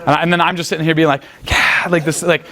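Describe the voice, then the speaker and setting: A man with a fairly high voice rattles off crude, boastful stories at a quick clip. He rambles from one point to the next and swears freely, as a guest in a loose, casual interview. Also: level tone, pushed and bright. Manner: crude, profane, rambling storytelling. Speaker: guest talking about picking up women.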